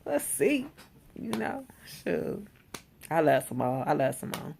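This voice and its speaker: Low gravelly woman, chatty reviewer. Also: a little slow, slight background noise. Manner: animated, slangy, exclaims and laughs while retelling. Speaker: TV episode reviewer. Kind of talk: casual chatty recap.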